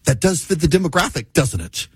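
A man's voice: a little high, big pitch swings, brisk, darkish tone, a little hiss or hum, voice pushed up. A man voicing a chatty male AI voice assistant, in a casual and wry tone.

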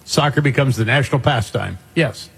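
A man's voice: medium pitch, fairly quick, creaky, a bit bright, husky. A man co-hosting a casual talk radio chat, chatty and agreeable. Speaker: co-host.

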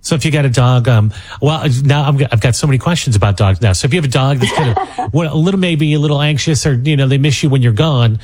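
Radio host guy, curious and jokey, slightly husky voice. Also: medium pitch, fast, darkish tone. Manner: curious, jokey, asks many questions. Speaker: radio talk show host. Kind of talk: casual radio interview.

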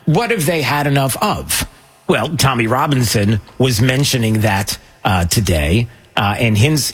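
Man, show host, husky voice, rambling, self-mocking commentary. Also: medium pitch. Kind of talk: casual news commentary.

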